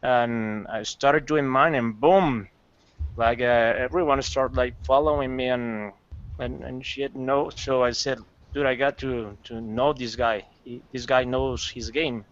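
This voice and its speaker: A man with a Colombian Spanish accent calling into a coaching call, speaking eagerly and haltingly in English. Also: fairly even intonation. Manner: enthusiastic, halting, says "boom" a lot. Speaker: caller. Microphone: video call. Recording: dry, dull lo-fi call audio.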